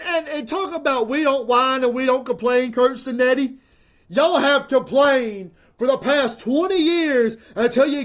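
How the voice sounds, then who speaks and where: Sarcastic football ranter. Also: high voice. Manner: sarcastic, mocking, rambling. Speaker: college football commentator. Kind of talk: sports rant to camera.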